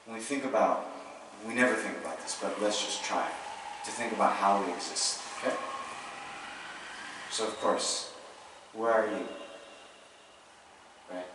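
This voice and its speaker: A man's voice: lowish voice, a little slow, pauses often, fairly bright tone. A male Buddhist teacher giving an informal, conversational Dharma teaching to students in a meditation hall, often checking in with "right?". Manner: conversational, with frequent "right?" checks and self-corrections. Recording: echoey room, distant mic, audible noise.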